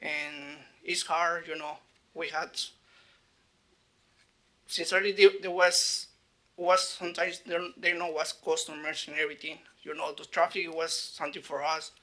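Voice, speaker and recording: Hesitant man with a flat, bright voice. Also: a little high, moderate pace. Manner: hesitant, broken phrasing with frequent "you know". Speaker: business owner giving public comment. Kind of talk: public comment at a council meeting. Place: city council chamber.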